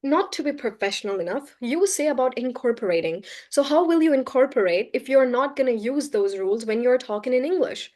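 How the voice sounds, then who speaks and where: A woman's voice: high-pitched, animated, a little fast, few pauses, darkish tone. A woman teaching English pronunciation in a live online class, firmly correcting a student and explaining with examples over a video call.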